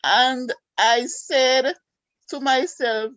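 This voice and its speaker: A woman from Saint Lucia with a Saint Lucian accent, calling in and telling her story in an excited, chatty way with lots of fillers. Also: fairly high pitch, a little slow, no echo, low-quality recording. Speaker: caller. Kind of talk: casual call-in chat.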